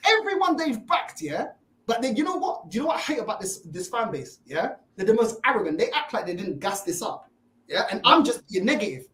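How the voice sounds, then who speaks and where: A woman's voice: fairly high pitch, very animated, a little fast, fairly bright tone. A woman, ranting as a panelist on a fan discussion show, exasperated and mocking. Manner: exasperated, mocking, repeats "bro". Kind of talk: heated fan rant. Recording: echoey room.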